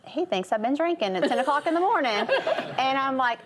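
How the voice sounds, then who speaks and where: A woman's voice: on the high side, expressive, fairly quick, noisy background. A woman guest on a talk show, chatting and laughing easily as she tells a personal story, with frequent ums and restarts. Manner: chatty, laughs often while telling a story. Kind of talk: anecdotal storytelling.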